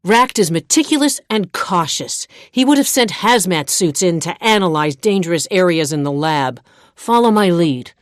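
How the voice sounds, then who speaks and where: A woman voicing a crisp, haughty asura scholar. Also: fairly low pitch, expressive, moderate pace, dry recording, studio quality, close to an everyday voice. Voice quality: crisp, precise, superior. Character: brainy small female asura scholar, condescending. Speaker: Priory agent. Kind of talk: video game voice acting. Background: game music.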